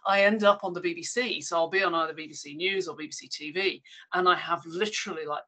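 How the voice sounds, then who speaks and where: Woman, author guest, low pitch, articulate, upbeat. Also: fast talker, pushed and bright. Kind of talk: interview answers.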